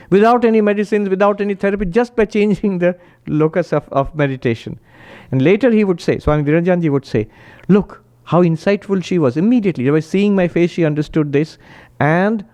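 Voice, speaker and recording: A man, a monk, giving a spiritual talk and telling stories with animated quoted voices. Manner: animated storyteller, raises pitch when quoting, laughs often.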